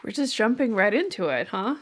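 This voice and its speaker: A woman's voice: fairly high pitch, big pitch swings, a little fast. A woman book vlogger chatting casually at home to a microphone, giggly and self-deprecating as she reacts to what she reads. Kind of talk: casual reading vlog chat. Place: indoor room at home.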